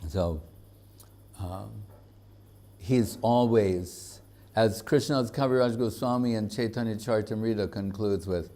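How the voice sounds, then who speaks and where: Guy giving a relaxed spiritual talk, lowish warm voice, lots of uhs and likes, chuckles now and then. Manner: informal and halting, with frequent fillers and chuckles. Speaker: spiritual teacher. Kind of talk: conversational devotional lecture.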